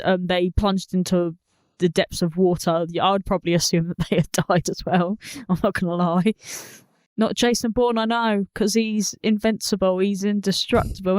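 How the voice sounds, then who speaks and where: A person with a mid-range voice recorded close and dry, chatting about a film on a podcast. They talk chattily with a giggly tone and quick asides. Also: mid-range voice, smooth, dry recording. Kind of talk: casual film review chat.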